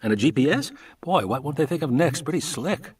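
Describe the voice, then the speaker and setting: A man's voice: a little high, expressive, a little fast, darkish tone, breathy edge, recorded from a distance, pitched above the performer's own voice. A man voicing a talkative, evasive male scientist who explains at length, read aloud from an audiobook. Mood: chatty.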